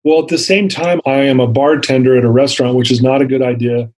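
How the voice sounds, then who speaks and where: A man's voice: medium pitch, fairly even intonation, fast talker, darkish tone, rough recording. A middle-aged man telling his story in a podcast interview, earnest and candid, acting out the dialogue. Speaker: interview guest.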